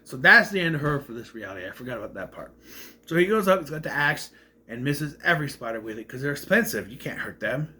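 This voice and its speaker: Animated, bright-voiced man recapping a movie. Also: mid-range voice, fast talker. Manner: rambling, self-correcting retelling.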